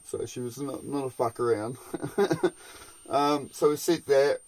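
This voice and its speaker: A man casually telling a long work story as a podcast host, swearing constantly, laughing often and acting out the shouting of people he worked with. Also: mid-range voice, unhurried.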